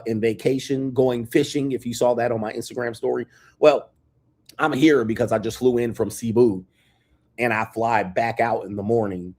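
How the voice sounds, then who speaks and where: American guy on a stream in a hotel room, cocky, hypes himself up, middle-pitched voice. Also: darkish tone. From United States. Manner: brash, swaggering self-hype with drawn-out titles. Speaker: live stream host. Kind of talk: boastful casual stream talk. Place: hotel room near an airport.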